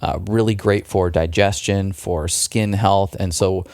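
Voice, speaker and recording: Gravelly low-voiced man hosting a podcast. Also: steady tone, unhurried, a little mellow, dry recording, studio quality. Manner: chatty, enthusiastic, restarts a lot. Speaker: podcast co-host. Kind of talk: casual product pitch in a podcast chat.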